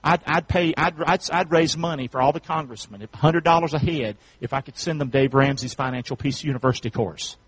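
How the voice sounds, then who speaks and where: A pastor, preaching a sermon in call-and-response, building up to rapid repeated shouted questions. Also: male voice, fairly high pitch, breathy edge, no echo.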